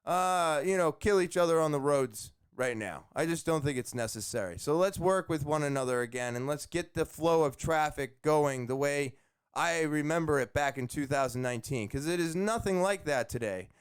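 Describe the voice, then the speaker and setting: A man's voice: fairly high pitch, moderate pace, smooth, no room sound, clean studio sound. A man hosting a podcast, telling about his week in a blunt, ranting monologue and swearing now and then. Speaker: podcast host and vape shop worker. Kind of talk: casual monologue.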